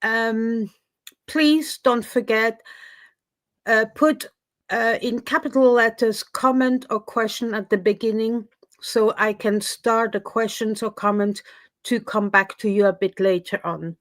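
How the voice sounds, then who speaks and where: A woman's voice: on the high side, fairly even intonation, unhurried, dry recording. A woman with a Swiss French accent, a native French speaker, hosting a casual live-stream interview with chatty, hesitant talk and frequent laughs. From Switzerland.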